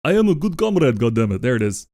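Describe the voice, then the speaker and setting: A bellowing goat comrade with a thick put-on Russian accent, as a man puts him on, ordering listeners to love themselves and cursing between slogans. His pitch swings widely and the sound is dry and close. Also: very animated, quick pace, dark tone, dry recording. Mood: mock-stern. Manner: mock-stern, barking slogans, profane. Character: boisterous male goat communist comrade giving pep talk. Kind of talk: comedic affirmation bit on livestream.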